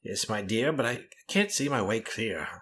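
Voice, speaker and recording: A man's voice: on the low side, expressive, a bit bright. A man doing a hesitant, mild clergyman. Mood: reluctant. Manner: reluctant and slow.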